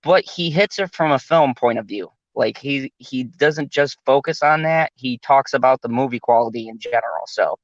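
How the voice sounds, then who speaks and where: A man's voice: medium pitch, normal speed, hardly any pauses, no room sound, lo-fi sound. A man hosting his channel in casual podcast chat, rambling with fillers and laughing often. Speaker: channel host.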